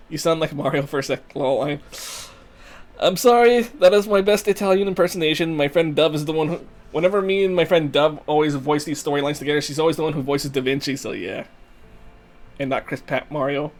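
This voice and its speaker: Young man, game streamer, chatty, rambling, slightly high voice. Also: brisk. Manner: chatty, rambling, restarts, answers chat. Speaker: gaming channel host. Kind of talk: casual game stream commentary.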